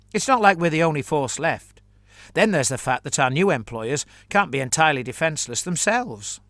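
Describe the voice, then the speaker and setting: A man's voice: on the high side, a bit bright, no room sound, pitched above the performer's own voice. Baccio, a man voicing a sarcastic mercenary chancellor. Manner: sardonic, brisk, dismissive.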